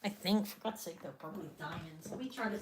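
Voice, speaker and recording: A woman's voice: lowish voice, quick pace, background noise. A woman hosting a live online jewelry sale, chatting loosely and often trailing off mid-sentence. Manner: chatty, rambling, trails off and restarts.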